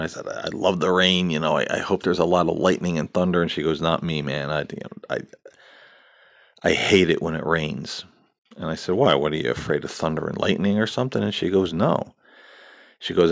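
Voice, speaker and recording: Deep-voiced man telling a ghost story. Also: no room sound. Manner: rambling with many fillers and restarts. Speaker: podcast host.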